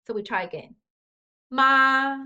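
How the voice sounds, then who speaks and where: A woman's voice: fairly high pitch, sing-song, a bit bright, muffled recording. A woman teaching Mandarin tones to learners, patient and demonstrative, with slightly English. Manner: slow, patient, demonstrative, non-native English grammar. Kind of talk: tone pronunciation lesson.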